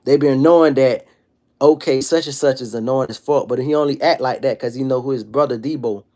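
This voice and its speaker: A man in his thirties hosting a casual livestream monologue, telling stories in an animated, profane street style. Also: medium pitch, a little fast. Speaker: livestream host.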